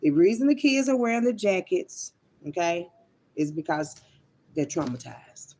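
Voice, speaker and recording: A woman's voice: lowish voice, big pitch swings, normal speed, mellow, a little hiss or hum. A woman, talking to online viewers in a blunt, rambling monologue and swearing freely. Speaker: online spiritual reader. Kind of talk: casual livestream monologue.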